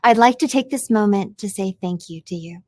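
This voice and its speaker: A woman's voice: medium pitch, brisk, darkish tone, no room sound. A woman executive giving a recorded, scripted message of thanks. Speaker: company executive.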